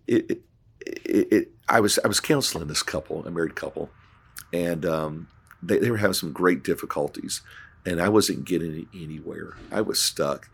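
A man's voice: deep voice, creaky, slightly rough. A man, a pastor, telling an earnest story on a podcast and acting out the dialogue, with frequent restarts.

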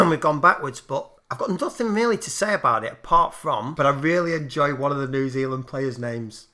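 A man's voice: on the high side, lively intonation, normal speed, sharp tone. A man with a Lancashire accent co-hosting a casual chat, swearing and riffing on funny names. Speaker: podcast co-host.

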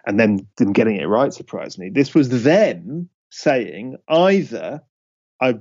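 A man talking as a podcast guest, at a middle pitch, explaining with emphatic, animated energy. He keeps checking that the listener is following. The recording sounds somewhat dull and lo-fi. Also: a little slow. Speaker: podcast guest, speaker on risk.

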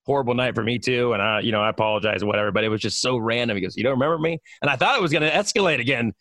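A man's voice: mid-range voice, racing, sharp tone, dry recording, studio quality. A man telling a rambling story in casual chat, full of fillers and swearing. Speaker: radio personality.

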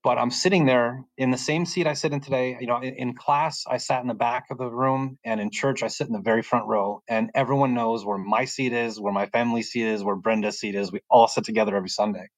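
A man's voice: medium pitch, steady tone, fast talker, few pauses, no echo, rough recording. Guy telling his faith story from his bedroom, earnest, rambly, keeps restarting, dead dry sound. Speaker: podcast guest. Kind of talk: personal faith testimony in conversation. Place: bedroom at home.

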